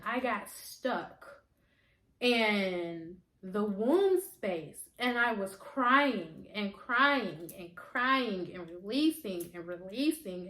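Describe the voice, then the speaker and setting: A woman's voice: fairly high pitch, fairly bright tone. A woman, a holistic healer from the United States, telling a personal spiritual story in an earnest, emotional way with lots of repetition. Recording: echoey room.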